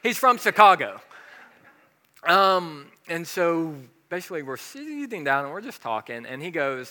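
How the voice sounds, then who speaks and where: A man's voice: a little high, sing-song, unhurried, pushed and bright, in a large hall. A man preaching a sermon in a casual, conversational way with many fillers, telling a personal story. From American South. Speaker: pastor.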